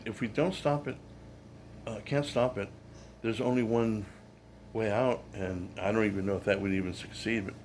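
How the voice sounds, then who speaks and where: A man's voice: on the low side, darkish tone, slight background noise. A man delivering a casual political rant to camera, indignant and rambling, with frequent restarts.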